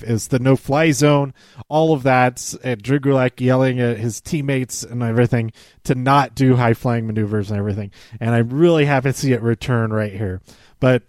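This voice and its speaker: A man's voice: medium pitch, a little mellow, no echo. Chatty man with a dry, close sound. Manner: rambling, with frequent fillers and laughs. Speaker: wrestling show recapper. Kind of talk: casual recap podcast.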